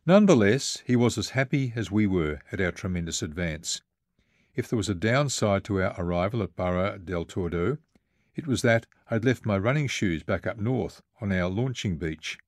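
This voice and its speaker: Narrating his own travel memoir for an audiobook, a man with a fairly low voice reads in a vivid yet measured style full of lively intonation. Almost no room sound comes through, so the recording sounds dry.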